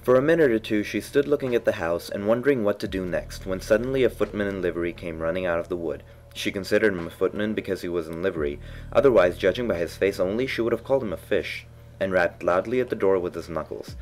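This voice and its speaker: A man narrating a classic storybook in a measured, expressive reading. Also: low-pitched, a little hiss or hum, rough recording.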